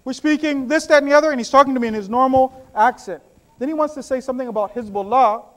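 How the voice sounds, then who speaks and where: A man preaching a sermon, telling stories with animated swings between loud bursts and low hushed asides. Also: quick pace.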